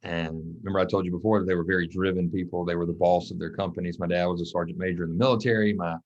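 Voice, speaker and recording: Man telling stories, low dull audio. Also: racing. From Mississippi. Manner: animated storytelling, acts out quoted voices. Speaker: guest, track and football coach. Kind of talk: casual storytelling interview.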